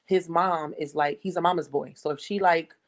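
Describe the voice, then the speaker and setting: Casting: young woman from the US, lowish voice, blunt and profane, casual chat. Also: fairly even intonation, moderate pace, poor audio.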